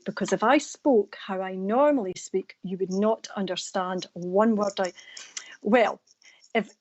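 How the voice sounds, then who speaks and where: A woman's voice: medium pitch, muffled recording. A Scottish woman with an East Coast accent, a psychic medium doing readings and chatting with viewers on a live stream. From Scotland. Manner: chatty, warm sign-offs to viewers.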